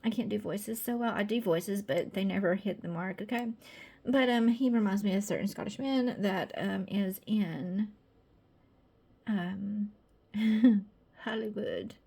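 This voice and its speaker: A woman's voice: medium pitch, a little slow, vocal fry, mellow, slightly rough. A woman with a Southern American accent, chatty and gushing, presenting her own tarot deck in a casual video with many fillers.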